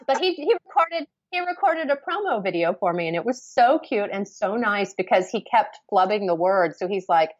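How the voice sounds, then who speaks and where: A woman author chatting as an interview guest, talking in an animated way and laughing often. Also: medium pitch, normal speed, no echo, highs cut off. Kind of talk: casual interview chat.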